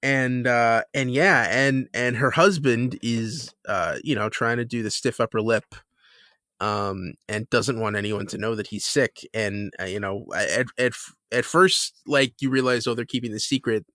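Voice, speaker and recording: A man co-hosting a casual TV recap podcast, talking at an ordinary middle pitch. He rambles, restarts his sentences and laughs often. His voice sounds dry and close to the mic. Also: unhurried, pushed and bright, no echo. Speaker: podcast co-host. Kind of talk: casual chat.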